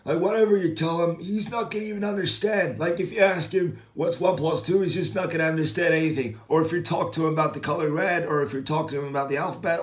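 A man's voice: a little high, roomy sound, close to an everyday voice. A man voicing a laid-back young male helper who talks in a casual, breezy way.

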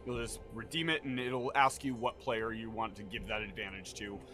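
A man's voice: fairly low pitch, steady tone, moderate pace, sharp tone. A man running a tabletop game on a live stream, narrating in a rambling way with many fillers. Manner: rambling, full of fillers, laughs often. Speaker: game master. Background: music.

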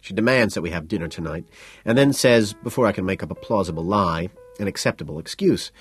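Low-voiced male audiobook narrator. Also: expressive, fairly quick, breathy edge, soft background music. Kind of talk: first-person audiobook narration.

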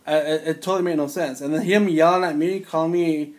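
Somewhat fast and steady in tone, this man's voice is on the high side yet darkish. He's in his forties, spinning a casual, rambling story of disbelief about doing security on film sets.

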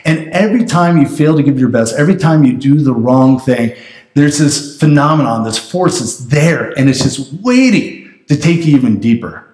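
A man pastor preaching a sermon in a conversational, animated way. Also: mid-range voice, reverberant. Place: church sanctuary.

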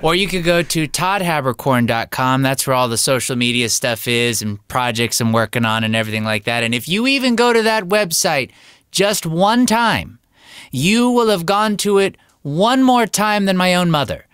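A man's voice: fairly high pitch, moderate pace, a bit bright, clean tone, no echo. A man, a voice actor, chatting casually on a video call with dry, self-mocking humor. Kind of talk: casual panel chat.

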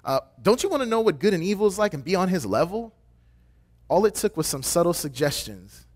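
A man delivering a sermon as a pastoral intern, conversational and joking, acting out quoted voices with big swings in pitch. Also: sing-song, a little fast.

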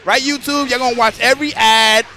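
Bright-voiced crude joking male streamer. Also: very high voice, fairly even intonation, a little fast. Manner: crude, joking, talks straight to the chat. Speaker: streamer and tournament commentator. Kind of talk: casual live-stream commentary.

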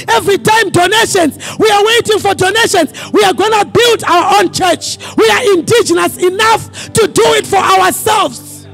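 A pastor preaching a sermon to his congregation, asking them questions for call-and-response and often breaking into fervent shouting. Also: very high-pitched, moderate pace, vocal fry, soft background music. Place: church service.

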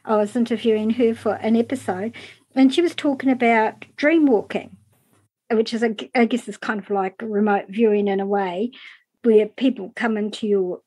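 A woman's voice: medium pitch, a little mellow, breathy edge, low-quality recording. A woman hosting a podcast interview, telling a chatty anecdote and backing her guest with short affirmations. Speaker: podcast host.

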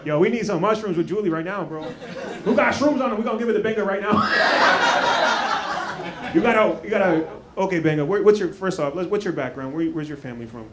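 A male stand-up comedian from Maryland doing loud, laughing crowd work and teasing audience members. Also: high voice, a little fast. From Maryland, USA. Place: comedy club stage. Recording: noisy live club recording.

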